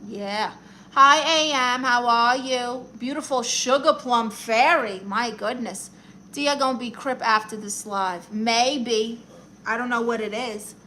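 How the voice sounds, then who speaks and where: A woman's voice: on the high side, slow, pushed and bright, a little hiss or hum. A woman playing a brash, blunt middle-aged aunt who calls herself a therapist, chatting on a live stream while she colors and reads the chat. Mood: chatty. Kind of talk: improvised character comedy live stream.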